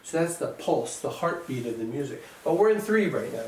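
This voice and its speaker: A man's voice: mid-range voice, very animated, brisk, few pauses, a little mellow. A man teaching a music lesson, patiently counting beats aloud and sounding out rhythms for his students. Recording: echoey room, voice from a distance, faint noise.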